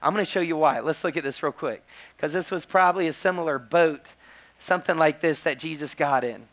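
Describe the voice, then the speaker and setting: A man, preaching a sermon as a pastor and telling stories with lively quoted voices. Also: a little fast. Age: 40s. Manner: animated storytelling, acting out quotes in high voices.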